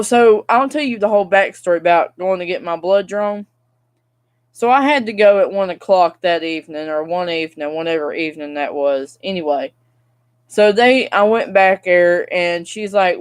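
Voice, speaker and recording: A woman's voice: lowish voice, normal speed. A young woman, venting to camera in a casual, rambling vlog rant. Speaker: vlogger.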